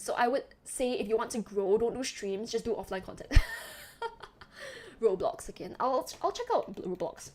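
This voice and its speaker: A woman's voice: fairly high pitch, sing-song, measured pace, darkish tone. A young woman from Singapore with a mixed, slightly British-sounding accent, chatting casually with her live chat as a streamer. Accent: mixed Singaporean, a little British. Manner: chatty, rambling, self-described yapper.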